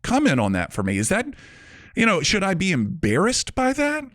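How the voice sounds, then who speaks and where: A man's voice: high-pitched, moderate pace, dry recording, studio quality. A man from Mobile, Alabama, hosting an interview, telling stories and asking questions in a conversational way. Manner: storytelling, animated questions. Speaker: podcast host.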